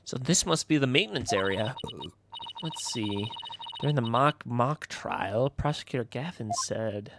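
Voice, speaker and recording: A man's voice: mid-range voice, animated, unhurried, background noise. A man streaming a game live, chatting casually and wryly with some swearing while reading dialogue aloud. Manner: casual, profane, wry. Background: game music.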